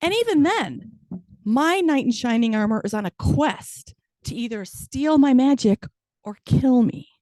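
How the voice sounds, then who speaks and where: A woman's voice: sits high, lively intonation, measured pace, darkish tone, dry recording. Dry, self-mocking middle-aged woman comic. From Chicago, US. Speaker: stand-up comedian. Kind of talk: stand-up set on a video call.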